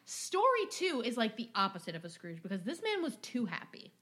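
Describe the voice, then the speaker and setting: Animated woman telling a rambling story. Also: a little high, a little fast. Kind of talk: casual chat.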